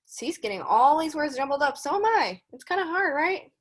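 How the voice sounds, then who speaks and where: A woman with a high, sing-song voice presents a video-call read-along for small children. She reads the picture book aloud slowly and carefully, adding words of encouragement for the kids.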